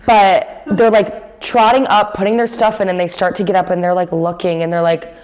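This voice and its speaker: A woman's voice: lowish voice, normal speed, poor audio. A young woman, a student intern, chatting casually on a podcast and telling stories with lots of quoted voices. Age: young adult. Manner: chatty storyteller, quotes others in animated voices.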